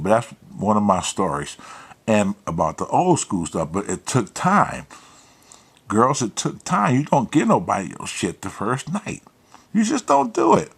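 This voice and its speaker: Lively, profane male storyteller. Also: on the low side. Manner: lively, profane, animated storytelling with quoted dialogue; advice-giving, emphatic. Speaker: host telling a personal story. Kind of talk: casual storytelling.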